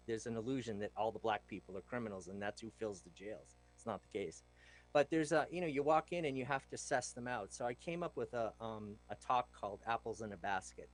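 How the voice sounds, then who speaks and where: A man's voice: on the low side, slight background noise, poor audio. A man guest on a talk show, telling stories in a loose, plain-spoken way and acting out what he once said to a class. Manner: animated, acts out what he told the class. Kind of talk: casual interview storytelling.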